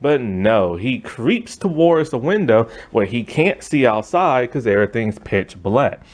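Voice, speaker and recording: A man's voice: mid-range voice, very animated, a little slow. A man giving a casual, rambling movie review rant, loose and exasperated, with lots of filler words.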